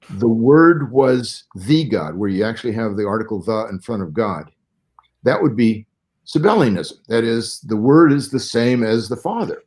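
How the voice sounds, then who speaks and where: A Southern California man in his sixties, speaking at a medium pitch with a slightly mellow quality, appears as a Bible scholar on an interview show. He explains things carefully, one step at a time, almost as if lecturing.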